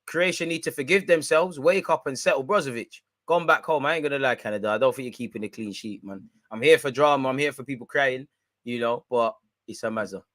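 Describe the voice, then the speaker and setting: A man calling a football match live for his viewers, excitable and full of slang. His voice sits at a middling pitch and is recorded dry and close, with no room sound. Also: fairly quick, no room sound. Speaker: watch-along host. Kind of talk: live football watch-along commentary.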